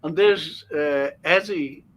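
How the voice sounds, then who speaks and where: A man's voice: a little high, slow, fairly bright tone. An older man with a Liverpool accent, hosting a casual chat, reading out viewer comments and telling stories with frequent laughter. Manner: storytelling, laughing often. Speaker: host.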